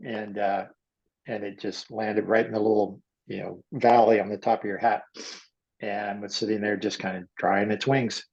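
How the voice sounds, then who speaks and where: A man with a low, gravelly voice tells a story at an easy, wandering pace, full of ums, and slips into the voices of the people in it. His voice is husky, and the recording sounds dull. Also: little pitch movement, normal speed, darkish tone. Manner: rambling, many fillers, acts out quoted voices. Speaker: guest artist. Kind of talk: storytelling in casual conversation.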